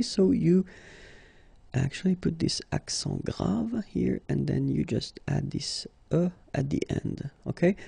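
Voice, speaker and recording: French-accented man teaching a lesson, husky tone, dry close sound. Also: a little high, warm tone, no echo. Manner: patient and explanatory, slow and deliberate. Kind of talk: language lesson.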